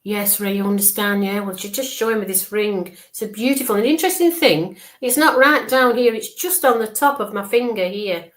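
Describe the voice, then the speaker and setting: Woman, spiritual medium, live online reading, average pitch, soft and reassuring, repetitive, frequent check-ins. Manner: describes visions slowly, checks in with frequent okays.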